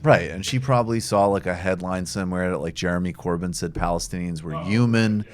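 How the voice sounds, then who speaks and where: A man's voice: low voice, fairly quick. A man hosting a podcast in casual banter, joking, laughing often and steering the talk. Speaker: podcast host.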